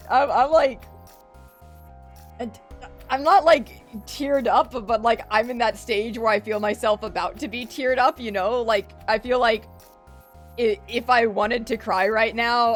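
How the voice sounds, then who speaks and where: A woman streamer reading a story game aloud and reacting with emotion and swearing. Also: a little high. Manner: emotional, swears freely, restarts when upset.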